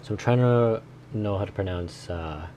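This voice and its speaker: A man recording himself while learning Korean, thinking aloud and repeating phrases slowly in a casual way. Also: fairly low pitch, dark tone, slight background noise. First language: English.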